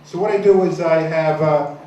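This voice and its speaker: A man doing a stand-up comedy set, telling crude stories in a rambling, deadpan way with many restarts. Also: on the high side, normal speed, dull audio. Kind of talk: stand-up set at an open mic. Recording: echoey room, far from the mic, noisy.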